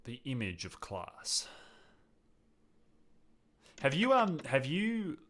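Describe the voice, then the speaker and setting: An Australian man runs a relaxed live chat, breaking into laughter often. He reads viewers' comments aloud and keeps the talk rambling and friendly. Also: mid-range voice, slow. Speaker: show host. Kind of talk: casual livestream chat.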